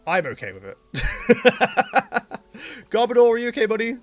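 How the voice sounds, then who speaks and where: Streaming a game, a man chats casually and animatedly with his viewers and the game's characters, laughing often. His voice is very high and unhurried, with no room sound and faint music in the background. It's a casual livestream chat.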